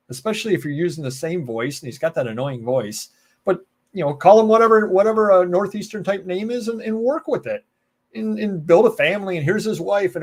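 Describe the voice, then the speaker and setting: An American man with a somewhat high-pitched voice hosts a live stream on his own. He talks in a loose, rambling way, cracking jokes and drifting into tangents, and stops often to read out and answer viewer comments. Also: breathy edge. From United States. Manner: rambling, joking, goes off on tangents. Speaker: live show host. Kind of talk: casual live-stream chat.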